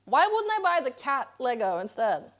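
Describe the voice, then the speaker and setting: Young female streamer, bit higher voice, chatty and teasing, talking to chat from home. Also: big pitch swings, moderate pace. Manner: playful, chatty, reads and answers chat. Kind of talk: casual live-stream chat. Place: indoors at home, kitchen.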